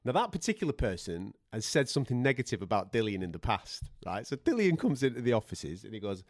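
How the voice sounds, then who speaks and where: A chatty man telling stories on a sports podcast, laughing and swearing as he goes. His voice sits at an ordinary middle pitch. It is recorded close and dry, with no room sound. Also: very animated, fast, no room sound. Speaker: boxing podcast host and radio presenter. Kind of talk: casual banter and storytelling.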